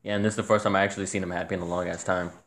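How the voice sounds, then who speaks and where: A man's voice: sits low, little pitch movement, racing, a bit bright. A young man who is the host's brother, a guest on a casual podcast, talking bluntly and profanely and teasing his brother.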